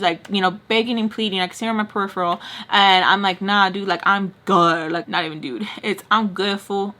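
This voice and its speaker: A young woman vlogger telling a personal story in a casual, animated way, often acting out what she and others said. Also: medium pitch. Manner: expressive, animated, quoting herself.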